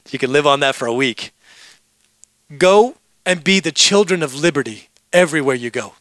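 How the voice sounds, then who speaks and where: A man's voice: a little high, pushed and bright, no echo. A middle-aged man preaching as pastor, telling stories and joking with the congregation. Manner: storytelling, joking asides with the congregation. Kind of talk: sermon.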